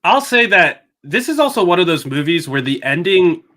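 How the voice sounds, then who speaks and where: A young man with a bright, forceful voice that sits a little high, hosting a casual panel chat over a video call. He talks in a chatty way, stumbling and restarting, cracking jokes and then turning earnest when he praises a film. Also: big pitch swings, normal speed. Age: young adult. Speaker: host.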